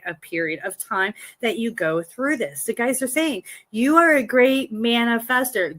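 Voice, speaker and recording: A woman with a slightly high voice hosts a live tarot reading from her home. She talks to viewers in a chatty, encouraging way and reassures them as she goes. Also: a bit bright. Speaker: tarot reader.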